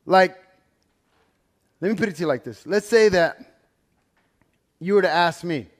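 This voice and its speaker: A man's voice: sits high, a little slow. A man leading a Bible study, telling stories in a casual, conversational sermon style and often checking in with "right?". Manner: conversational, keeps asking "right?"; animated, swings loud and soft.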